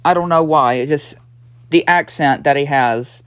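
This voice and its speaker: A man's voice: fairly high pitch, unhurried, a bit bright, smooth, dry recording. A nineteen-year-old man casually recapping a cartoon episode, rambling along with lots of "yeah" and "and" fillers. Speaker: episode reviewer.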